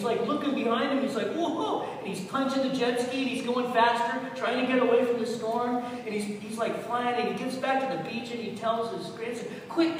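A man in his fifties from California preaching a sermon, telling stories animatedly and swinging from hushed tones to loud exclamations. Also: extremely high pitch. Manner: animated storytelling, shifting from hushed to shouting. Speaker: pastor. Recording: echoey hall from far off, audible room noise.

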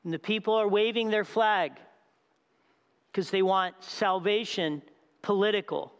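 A pastor preaches in a fairly high voice, and the long reverb of a large hall carries his words. He's animated, putting questions to the congregation and acting out the scenes he describes. His delivery is unhurried and smooth, though the recording sounds lo-fi.

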